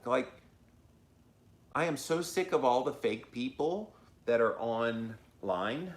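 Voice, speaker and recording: A man's voice: medium pitch, very animated, slow pace, reverberant. A man hosting his own show, talking earnestly and emotionally straight to his viewers in a casual, confessional way. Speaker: host. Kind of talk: casual talk to camera.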